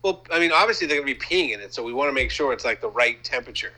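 A man's voice: mid-range voice, animated, rapid-fire, pushed and bright, rough recording. A man from Maine, co-hosting a casual comedy chat, rambling and riffing on absurd bits with plenty of swearing.

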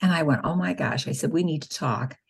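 A woman's voice: deep voice, a little fast, gravelly, husky. A middle-aged woman, a nurse and spokeswoman, telling patient stories earnestly in an interview, acting out the dialogue. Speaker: nurse and pro-life spokeswoman. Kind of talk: conversational interview storytelling.

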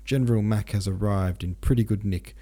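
A man's voice: fairly low pitch, fairly quick, dark tone, close to an everyday voice. A man voicing a mocking young male officer, eager and cheeky, in an audiobook reading.

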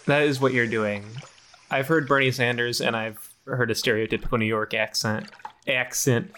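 A man's voice: mid-range voice, steady tone, moderate pace, bright, forceful tone, natural voice. A man voicing a petty male chipmunk who nags and needles his partner in improv comedy. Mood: nagging. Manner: nagging, needling, argumentative. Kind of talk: improv comedy role-play.

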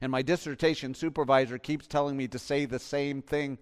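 A man's voice: medium pitch, steady tone, brisk, clean tone, big-room sound. A man, the pastor, preaching a sermon with emphasis and tossing rhetorical questions to the congregation.

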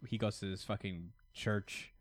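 A man's voice: on the low side, steady tone, a little slow, no room sound. Laid-back man recapping on a podcast. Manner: loose, laughing, swears freely. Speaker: podcast host. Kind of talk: casual comic-book recap chat.

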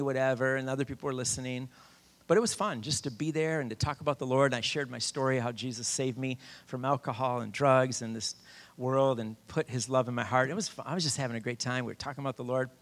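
A middle-aged man preaching a sermon, telling his own story with lively quoted voices. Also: medium pitch, fast. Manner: animated storyteller, shouts quoted lines. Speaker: campus minister preaching. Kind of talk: sermon with personal testimony.

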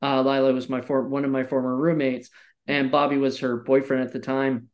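A podcast co-host in animated casual chat, swearing and laughing often. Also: mid-range voice, a little fast, highs cut off.

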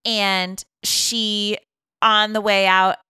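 A woman from Boston casually retelling a film plot, animated and full of fillers, acting out the dialogue. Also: medium pitch, drawn-out words, smooth, no room sound, clean studio sound.

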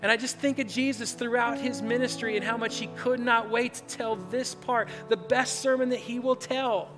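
A middle-aged man preaching an Easter sermon as a pastor, telling a story earnestly and swinging between loud emphasis and hushed moments. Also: extremely high pitch, fairly even intonation, normal speed. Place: large church hall with live band. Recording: reverberant hall with faint band music.

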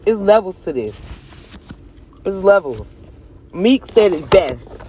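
Young woman vlogger, chatty and profane, jumps between loud and hushed. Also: medium pitch, husky. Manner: animated, swings from loud bursts to hushed asides, cursing and joking. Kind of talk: casual chat to camera.

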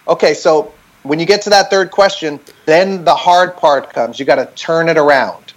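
A man's voice: a little high, low-quality recording. A man in casual explanatory chat on a remote call, talking things through and checking in with "right?" as he goes. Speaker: band member on a group call.

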